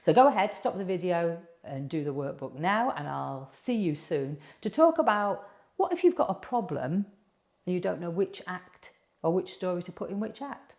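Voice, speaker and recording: A woman with a Yorkshire accent coaches would-be speakers through a recorded course lesson. Her voice sits fairly low with a gravelly edge, and she keeps it chatty and lively, often turning to ask the viewer questions. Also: normal speed. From Yorkshire, England.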